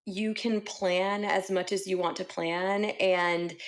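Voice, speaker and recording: A woman in her thirties talks on a podcast as a pediatric nurse practitioner. She tells her stories with animation, jumping up loudly whenever she acts out what she said. Her pitch sits in the middle for a woman. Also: takes it slowly. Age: 30s. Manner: animated storytelling, acts out her own quoted lines loudly. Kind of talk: podcast interview.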